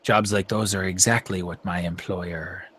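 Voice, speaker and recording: A hushed, scheming alien woman, as a man puts her on for a tabletop game. She has a put-on foreign accent and speaks in quiet, measured, half-whispered tones. Her voice sits a little lower and softer than the game master's own. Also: steady tone, a little hiss or hum. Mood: smooth. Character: smooth-talking female alien majordomo, calm and scheming.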